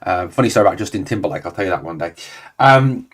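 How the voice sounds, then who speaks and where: A man's voice: low-pitched, expressive, quick pace, fairly bright tone. A man in his forties hosting a fan livestream, chatting casually and rambling through viewer comments with exasperated asides. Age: 40s. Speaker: fan channel host.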